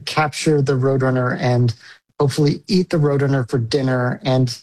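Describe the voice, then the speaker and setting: A man's voice: medium pitch, steady tone, moderate pace, a little mellow, low-quality recording. A man, a film director, answering an interview casually and with enthusiasm, using filler words often.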